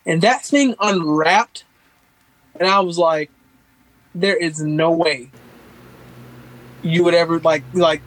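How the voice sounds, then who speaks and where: A man's voice: a little high, slow pace, pauses often, fairly bright tone, no room sound, low-quality recording. A man from Northeast Florida in casual chat, emphatic and full of fillers.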